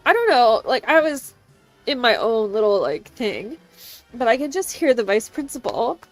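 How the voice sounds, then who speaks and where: A woman streamer telling a story to her chat in an animated way, swearing freely and laughing often. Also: fairly high pitch. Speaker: game streamer.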